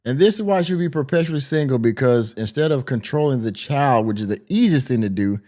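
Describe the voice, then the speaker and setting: A man's voice: medium pitch, expressive, fairly quick, a little mellow. Sarcastic male commentary host. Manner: mocking, sarcastic. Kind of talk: reaction commentary.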